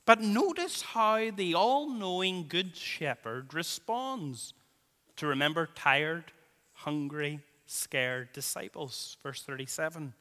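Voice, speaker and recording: A man's voice: a little high, animated, slow, sharp tone. A man preaching a sermon in a church, dramatically swelling and dropping his volume and repeating phrases for emphasis. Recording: long hall reverb.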